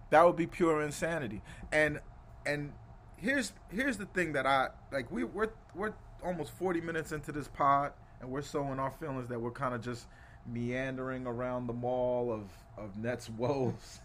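A man hosting a casual sports podcast, animated and rambling, laughing often as he talks. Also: fairly high pitch, a little hiss or hum. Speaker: podcast host.

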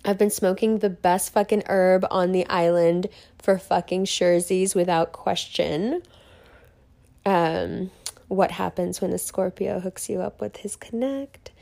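A woman's voice: lowish voice, steady tone, unhurried, creaky, mellow. A woman hosting her own live stream in a casual motivational monologue, bubbly and gushing, swearing freely and filling her talk with "like". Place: sitting on a velvet couch in a room full of bamboo.

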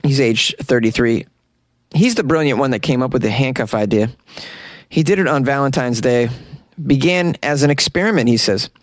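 A man's voice: medium pitch, normal speed, no echo. A man hosting a comedic weird-news podcast from a small closet, reading stories and mocking them sarcastically. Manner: sarcastic, mocking commentary with laughs. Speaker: podcast host.

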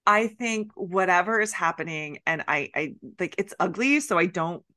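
A woman co-hosting a casual chat podcast, talking in an animated, wry way and laughing often. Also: lowish voice, moderate pace, no echo, studio quality. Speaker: podcast co-host.

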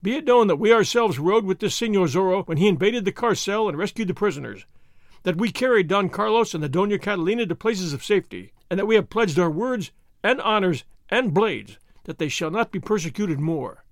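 A man's voice: high-pitched, animated, a little fast, no room sound, clean studio sound. A man voicing a proud young noble horseman leader in an audiobook reading, speaking in a stern, declaiming way.

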